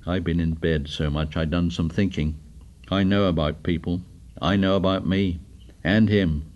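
A man's voice: low voice, steady tone, normal speed, darkish tone, dull audio, voice pushed down, lightly acted. A man reading the part of an anxious, fussy schoolboy who pleads earnestly. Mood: pleading.

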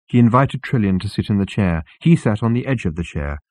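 A man narrating an audiobook in a calm, measured storytelling manner. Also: fairly low pitch, dry recording. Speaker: audiobook reader. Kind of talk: scripted narration.

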